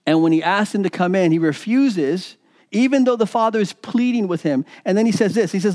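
High-voiced man preaching a sermon. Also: brisk, a little mellow. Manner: preaching with repetitions, acting out quoted voices. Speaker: pastor.

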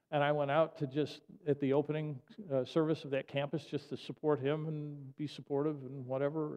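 A male pastor preaching a sermon in a conversational, storytelling way, with many restarts and asides. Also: on the high side. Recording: dull sound, long reverb.

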